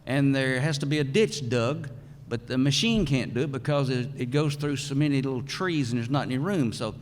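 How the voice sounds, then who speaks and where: An older man, giving a folksy, halting acceptance speech as a hall of fame inductee. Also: medium pitch. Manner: folksy, halting storyteller with many pauses. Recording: long reverb of a large hall.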